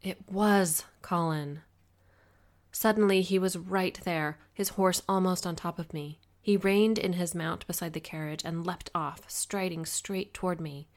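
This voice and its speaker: A woman narrating a first-person audiobook in a steady, expressive reading. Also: on the low side, measured pace.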